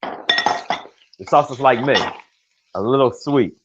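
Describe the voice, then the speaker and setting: A man's voice: mid-range voice, slow, dull audio, noisy background. An older man from the United States hosting a casual cooking livestream in his home kitchen, talking in a chatty, rambling way with jokes and self-corrections.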